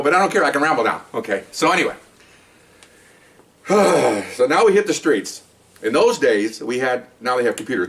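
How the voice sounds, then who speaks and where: A man's voice: medium pitch, recorded from a distance. An older man, a retired police officer, tells a funny story from his years on the job. He rambles, laughs at his own tale and acts out the voices of the people in it. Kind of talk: casual anecdote.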